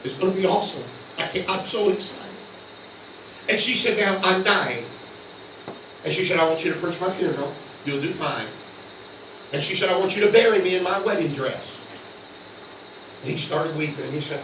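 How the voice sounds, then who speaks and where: An older man with a Southern American accent preaching a sermon, telling folksy stories that swing from hushed low tones to loud shouts. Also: moderate pace, long pauses, slight background noise. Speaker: guest preacher. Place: church sanctuary. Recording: echoey church from far off.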